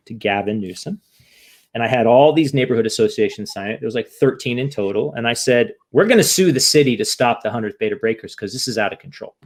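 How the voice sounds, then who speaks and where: A man guest on a podcast, telling a story in casual chat, lively, often acting out quoted voices and asking "right?". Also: medium pitch. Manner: animated, acts out quoted voices, frequent "right?".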